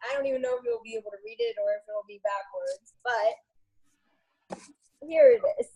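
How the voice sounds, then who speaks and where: A woman's voice: a little high, expressive, normal speed, dark tone, poor audio. A young adult woman, a new coach being interviewed, who rambles in a chatty way and often laughs at herself. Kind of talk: casual interview.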